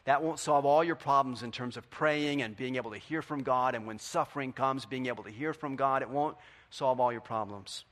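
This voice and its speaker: A middle-aged man preaching a sermon in a conversational way, asking the congregation questions and swinging from quiet to loud. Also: medium pitch, a little fast. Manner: conversational, asks the audience questions. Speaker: pastor.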